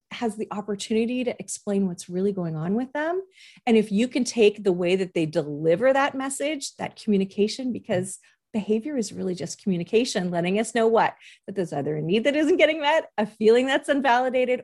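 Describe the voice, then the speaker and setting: A woman's voice: medium pitch, a little mellow. A woman in her forties, a parent coach hosting a podcast and giving earnest, reassuring advice, who often acts out what parents and children say.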